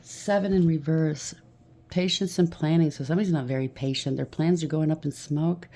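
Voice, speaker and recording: Low gravelly woman giving a tarot reading. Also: steady tone, normal speed, a little hiss or hum. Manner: soft-spoken, reassuring, with fillers and repeated "okay?". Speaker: tarot reader. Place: home. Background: washing machine running.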